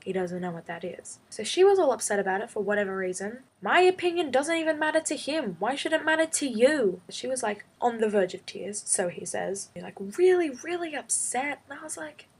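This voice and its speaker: A young woman vlogging, telling a school drama story in an exasperated, animated casual rant. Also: a little high, brisk, few pauses, breathy edge. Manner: exasperated, animated retelling with quoted back-and-forth. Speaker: high school student.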